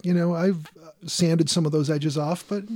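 A man's voice: on the high side, steady tone, moderate pace, mellow. A man from Chicago hosting a podcast, telling stories in a loose, rambling way with lots of fillers. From Chicago, United States. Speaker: podcast host. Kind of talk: casual chat.

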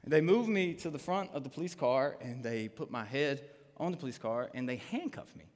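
Animated male pastor telling a story. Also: medium pitch, a little fast. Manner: animated, acts out quoted lines. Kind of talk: storytelling sermon. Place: church auditorium. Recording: long reverb of a live church hall.

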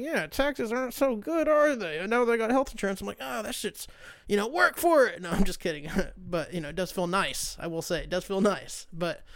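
On his casual solo podcast, a young male host rants loosely and sarcastically, swearing plenty. His voice is high-pitched and smooth.

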